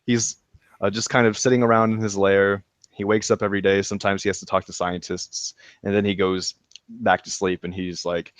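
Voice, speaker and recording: On a podcast, a male co-host reviews a show in a lowish voice with fairly even intonation, speaking briskly in a dry recording. He's casual and enthusiastic, laughing, filling with plenty of ums and starting his sentences over.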